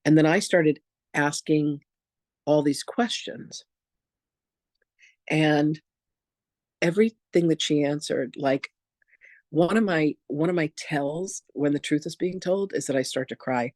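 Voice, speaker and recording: A man and reverend teaching in an online masterclass, telling personal stories in a candid, animated, casual way. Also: a little high, slow, pauses often, no room sound, clean studio sound. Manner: animated, acts out quoted voices, casual and candid.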